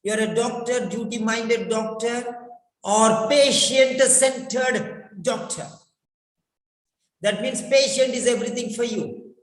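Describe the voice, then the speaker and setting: A man teaching a speaking lesson, talking deliberately and repeating key words for emphasis. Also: extremely high pitch, steady tone. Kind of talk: spoken lesson. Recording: echoey room with long reverb.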